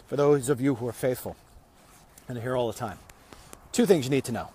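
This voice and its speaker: A man's voice: mid-range voice, brisk, warm tone, breathy edge. A man hosting a casual walk-and-talk vlog, rambling, often restarting and repeating his words as he goes. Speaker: vlog host. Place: walking outdoors.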